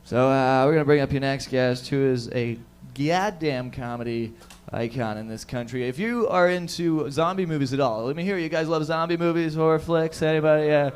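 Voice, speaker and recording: A man's voice: medium pitch, clear, resonant tone. A man hosting a stand-up comedy show, bantering loosely with the crowd and swearing freely. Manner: loose, profane, crowd-hyping. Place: comedy show stage before a live crowd.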